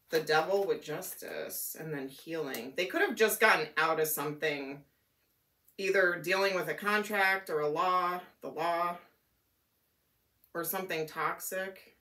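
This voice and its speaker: Woman tarot reader, slightly hoarse. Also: low voice, pushed and bright, a little hiss or hum. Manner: musing, thinking aloud with fillers. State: losing her voice. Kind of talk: tarot card reading.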